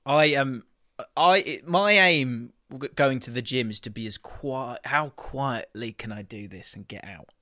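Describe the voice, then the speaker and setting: A middle-aged man with a London accent chats about football in a relaxed, self-mocking way, often laughing at himself. His voice sits at an ordinary middle pitch. The recording is dry and close, with no room sound. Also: measured pace, no echo. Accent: London English. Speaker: podcast co-host. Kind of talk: casual football chat.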